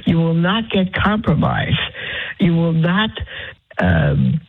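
Woman, nun, unwell, out of breath, halting pleading appeal, gravelly, tinny phone sound. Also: low voice, huge pitch swings, slight background noise. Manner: halting, pleading, stops to catch her breath. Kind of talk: on-air fundraising appeal. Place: lying in bed in her convent cell. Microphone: phone line.

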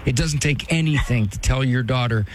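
A man's voice: mid-range voice, normal speed, a little hiss or hum. A man hosting a call-in advice show, coaching a caller directly and bluntly. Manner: direct, coaching, acts out quoted voices. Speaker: radio advice show host.

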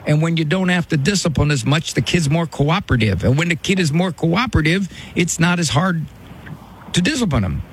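A man's voice: on the high side, fairly quick, slight background noise. A man hosting a call-in radio advice show, blunt and direct with his caller. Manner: blunt, lively, mimics voices in quotes. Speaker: radio call-in host, psychologist.

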